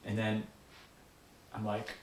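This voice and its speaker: A man's voice: on the low side, completely flat delivery, takes it slowly, a little hiss or hum. An older man earnestly recalling personal experiences in an interview. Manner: earnest, reflective storytelling. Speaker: interviewee recalling a spiritual teacher. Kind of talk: personal reminiscence. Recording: roomy sound from a distant mic.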